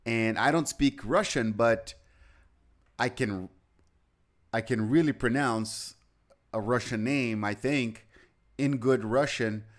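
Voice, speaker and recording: A man giving live chess commentary, rambling and chatty, with anecdotes between moves. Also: mid-range voice.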